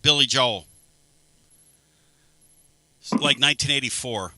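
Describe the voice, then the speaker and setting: A man's voice: medium pitch, bright, forceful tone, dry recording. A man hosting a talk radio show, joking and bantering loosely with guests. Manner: loose, jokey, fast back-and-forth.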